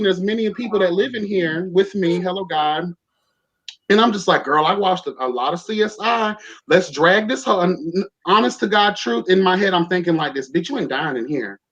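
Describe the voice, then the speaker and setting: A man's voice: high-pitched, a bit bright. Sassy, profane young man telling a story. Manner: campy, sassy, profane, peppered with "child" and "honey". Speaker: podcast host. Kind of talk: casual storytelling chat. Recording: dull lo-fi sound.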